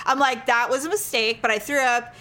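A woman's voice: a little high, brisk. A woman telling a funny story in casual chat, acting out what people said and laughing often. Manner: animated storyteller, acts out quotes, laughs often.

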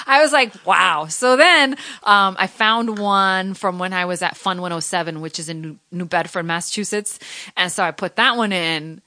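A woman in her thirties from Connecticut, a radio host telling a story in fast, chatty studio talk. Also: lowish voice, sharp tone, no echo. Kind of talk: casual studio chat. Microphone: studio microphone.

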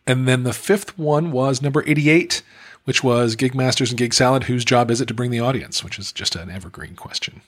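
A man's voice: mid-range voice, fairly quick. A man co-hosting a podcast in casual chat, reading out figures and joking along. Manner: chatty, reads out stats, jokey. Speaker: podcast co-host.

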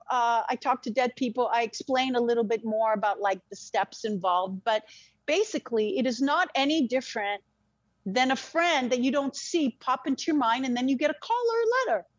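An intense woman with a high voice speaks frankly, often swearing and restarting her words. The recording is dry and slightly dull, with no room sound. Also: no room sound. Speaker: podcast guest. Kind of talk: emotional personal storytelling.

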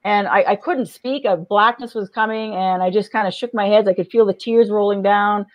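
A woman's voice: mid-range voice, fairly even intonation, normal speed, no room sound, rough recording. A middle-aged woman, an interview guest, frankly telling her personal story, often restarting and repeating words. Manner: frank, restarts and repeats words, laughs between heavy memories. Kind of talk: personal story told in conversation.

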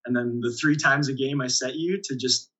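A young man talks through his playing days in a relaxed interview, chuckling as he goes. His voice is bright and a little husky. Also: mid-range voice, normal speed, muffled recording. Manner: relaxed storyteller, many restarts and chuckles. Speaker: volleyball player guest. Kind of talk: casual interview storytelling.

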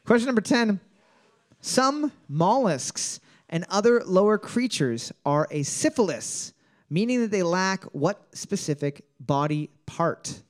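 A man's voice: sits high, expressive, a little slow. A man hosting a live trivia night at a bar, joking and reading each question twice. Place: bar venue with live audience.

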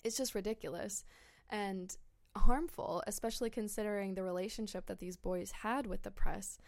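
A woman's voice: mid-range voice, moderate pace, darkish tone. A woman hosting a podcast in casual chat, gossipy and incredulous, with many fillers and short laughs. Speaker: podcast host.

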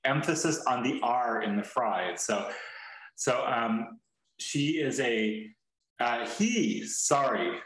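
A man's voice: medium pitch, animated, slow pace, a bit bright. A man co-hosting a podcast, talking casually in a rambling way with lots of restarts and free swearing. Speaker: podcast co-host. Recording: roomy echo.

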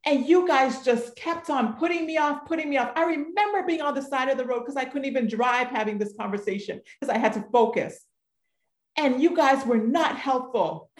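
Animated woman telling a story in an echoey room. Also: sits high, moderate pace. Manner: animated storyteller who acts out both sides of a conversation. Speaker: guest, mother of a son with special needs. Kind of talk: storytelling in a podcast interview.

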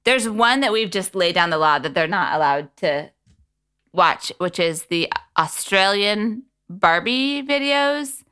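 Bright-voiced chatty woman co-host. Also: medium pitch, animated, takes it slowly, clear, resonant tone. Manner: chatty, self-deprecating, laughs easily. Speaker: podcast co-host. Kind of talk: casual chat.

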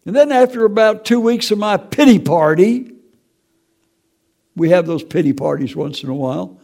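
An older man shares his Christian testimony in a folksy, preacherly manner, frequently ending lines with "okay?". His voice sits high and sounds gravelly and dark at normal speed.

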